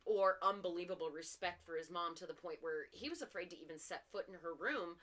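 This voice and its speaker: A young woman co-hosting a casual podcast chat, trading dark humor about killers and swearing casually, with lots of fillers. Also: on the low side, fairly quick. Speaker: podcast co-host.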